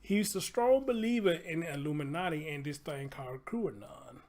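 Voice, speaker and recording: Guy running a live show, kinda high voice, rambling and cussing, says stuff twice. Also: moderate pace, a little mellow. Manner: loose, chatty, swears freely, repeats phrases. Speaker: livestream host. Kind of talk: casual livestream commentary.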